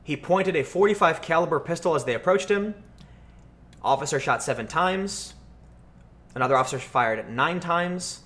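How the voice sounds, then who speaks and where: An American man hosting a livestream, answering chat questions and telling stories in a casual, animated way. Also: fairly high pitch, moderate pace. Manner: animated storytelling, acts out voices in anecdotes. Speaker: livestream host.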